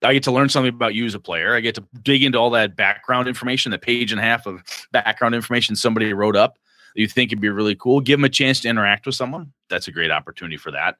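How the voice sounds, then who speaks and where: A man with a bright, forceful voice talks casually about running tabletop games. He is animated and acts out little character voices as he explains. The sound is dry and close. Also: medium pitch, very fast, dry recording. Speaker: game master podcast co-host.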